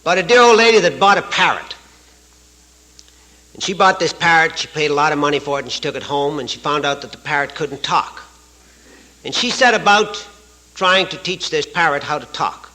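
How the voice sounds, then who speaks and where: A man's voice: on the high side, moderate pace, bright, forceful tone, low-quality recording. A man from Canada giving a folksy, joke-filled talk at a recovery retreat, chuckling at his own stories. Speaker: AA speaker. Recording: archival live talk recording.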